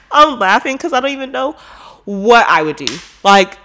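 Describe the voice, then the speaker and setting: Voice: medium pitch, big pitch swings, normal speed, bright, forceful tone. A vlogger telling a story in casual commentary, rambling with lots of fillers and swearing freely, turning heated when indignant. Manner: profane, rambling, heavy "like" fillers.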